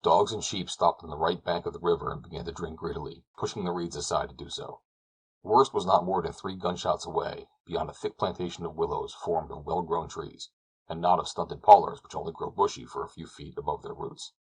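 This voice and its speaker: A man narrating a classic novel as an audiobook, in a measured, descriptive storytelling manner. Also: rumbling low, fairly even intonation, breathy edge, poor audio.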